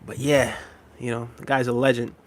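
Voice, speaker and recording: A man's voice: mid-range voice, level tone, normal speed. A man chatting casually on a live stream, reading out chat messages, repeating himself and laughing often.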